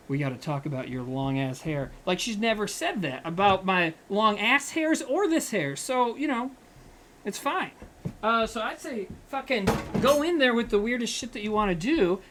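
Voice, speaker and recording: A man's voice: sits high, a bit bright, a little hiss or hum. A man talks through his cooking on a livestream, loose and off the cuff. He swears often and easily, and jokes between the steps of the recipe. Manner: rambling, profane and joking. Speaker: comedian streamer. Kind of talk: casual chat while cooking on a livestream.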